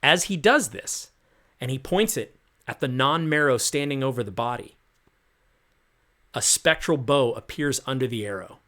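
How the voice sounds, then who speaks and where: A male game master narrates a tabletop session in a relaxed, conversational voice of middling pitch. He paints cinematic scenes and scatters casual fillers through them. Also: normal speed, long pauses.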